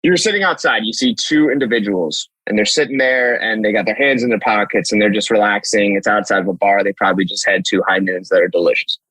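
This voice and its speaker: A man in his thirties with a slightly husky voice talks as a fitness coach on a podcast. He tells stories with energy, acting out both sides of conversations and swearing casually. The sound is dry and close, with little room in it. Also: on the low side, fast talker, hardly any pauses, no echo, rough recording. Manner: energetic, storytelling, acts out dialogue, swears casually.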